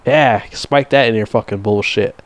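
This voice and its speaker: A man's voice: lowish voice, moderate pace, dry recording, lightly acted. A young man voicing a spiteful, fed-up grown man in a sneering, muttering tone.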